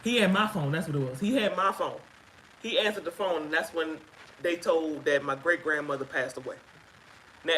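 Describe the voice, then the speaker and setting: A woman sharing her own experience as a guest on a live chat, telling it in an emphatic, animated way. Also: deep voice, a little hiss or hum, low-quality recording. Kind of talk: casual live-stream chat.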